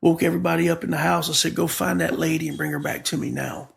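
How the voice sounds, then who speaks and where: A man's voice: on the high side, steady tone, fast, gravelly, a bit bright. A pastor, a man, telling his life story with feeling and acting out the dialogue as he goes. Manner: vivid storyteller who acts out the dialogue. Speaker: guest pastor. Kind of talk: emotional personal storytelling.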